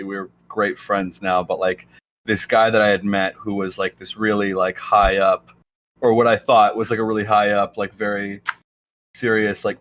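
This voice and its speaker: A man's voice: on the low side, a bit bright. A young man in casual podcast chat, rambling and hesitant with many restarts. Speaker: podcast co-host.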